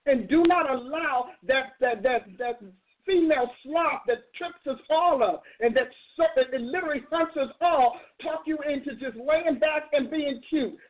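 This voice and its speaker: A woman hosting a talk show, preaching bluntly and emphatically with no soft tone, exhorting her listeners. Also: high-pitched, moderate pace. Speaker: talk show host and minister. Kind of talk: preaching call-in style talk. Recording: narrow phone-like audio.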